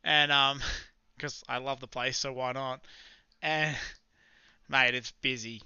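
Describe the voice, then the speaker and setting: A man with an Australian accent hosting a live stream in casual, rambling chat, slangy and quick to laugh. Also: medium pitch, fairly even intonation, bright, forceful tone, clean tone, dry recording, highs cut off. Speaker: livestream trading host.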